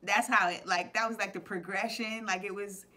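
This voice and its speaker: A woman's voice: medium pitch, fairly even intonation, normal speed, bright, forceful tone. A young adult woman teacher hosting a playful web show, explaining slang in a chatty way and laughing often.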